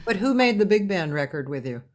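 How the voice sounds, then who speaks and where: A woman's voice: fairly low pitch, sing-song, fairly quick. A middle-aged woman hosting a casual chat, talking in an enthusiastic, rambling way. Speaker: host.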